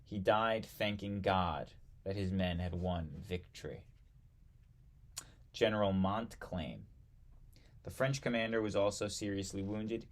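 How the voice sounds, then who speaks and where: A man reading aloud from an old history textbook, halting now and then to correct himself and add brief asides. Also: on the low side, fairly even intonation. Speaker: history reader.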